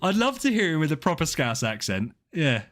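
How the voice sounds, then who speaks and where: A man's voice: fairly high pitch, very animated, brisk, fairly bright tone. Guy streaming, chatting with his viewers, swears a bit, voice jumps up and down a lot. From southeast England. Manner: chatty, rambling, swears, reads out viewer names. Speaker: game streamer. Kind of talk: casual live-stream chat with viewers.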